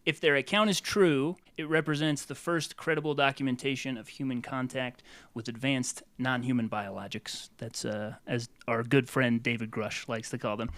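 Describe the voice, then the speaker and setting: A man's voice: medium pitch, steady tone, moderate pace, few pauses, fairly bright tone, no echo. A man co-hosting a casual podcast, summing up a book between laughs. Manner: laughs often, sums up the book. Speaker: podcast co-host. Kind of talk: casual book-club chat.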